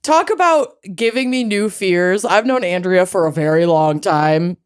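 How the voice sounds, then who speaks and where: An unhurried woman co-host on a casual true-crime podcast. She is bubbly and laughs often, with her pitch leaping up when she gets excited. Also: clean tone. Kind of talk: casual chat.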